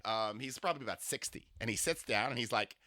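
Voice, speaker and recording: Bright, rambling comedian telling a story. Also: male voice, mid-range voice, fast talker, dry recording, studio quality. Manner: rambling, self-interrupting storytelling. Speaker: comedian podcast host. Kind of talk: comedic solo monologue.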